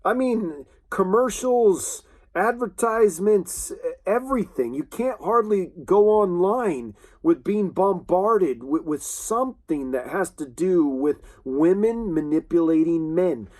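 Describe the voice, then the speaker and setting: A man preaching a sermon in an earnest, halting way, with many restarts and fillers. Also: sits high, lively intonation, darkish tone.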